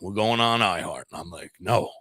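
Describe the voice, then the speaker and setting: A man's voice: sits low, moderate pace, no room sound. A man, a podcast guest and radio DJ, telling a story casually and acting out the dialogue he quotes. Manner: animated, acts out quoted dialogue. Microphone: podcast microphone.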